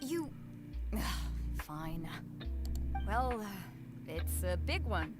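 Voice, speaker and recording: A woman's voice: medium pitch, sing-song, very slow. A woman playing a brash, easygoing female sea captain who talks bluntly and teases. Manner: blunt, teasing, colloquial. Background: game music.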